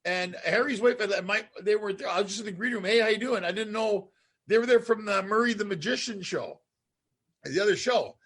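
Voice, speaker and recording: A man hosting a casual interview chat, telling a rambling, animated story and laughing along the way. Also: high voice, fairly quick, breathy edge. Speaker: host.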